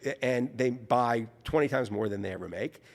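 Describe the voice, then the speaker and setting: A man from New Orleans, an author telling an anecdote in conversation, lively and acting out the people he quotes. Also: medium pitch, normal speed, vocal fry, long reverb tail. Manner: animated, mimics voices in his anecdotes. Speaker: author guest. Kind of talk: conversational storytelling.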